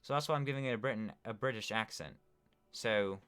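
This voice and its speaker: A man's voice: lowish voice, fairly quick, a bit bright, smooth. A man live-streaming a building game, chatting casually to viewers with lots of fillers. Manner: rambling, talks to chat with many fillers. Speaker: gaming streamer.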